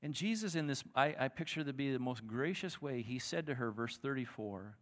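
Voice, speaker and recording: A male pastor preaching a sermon in a conversational, animated way, acting out the people in the story. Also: mid-range voice, brisk, in a large hall. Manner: animated, conversational, acts out quotes.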